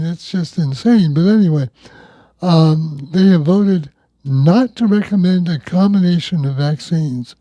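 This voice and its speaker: A man's voice: a little high, dark tone, no echo. A man hosting a local talk radio show, reading news items in a conversational, wry way.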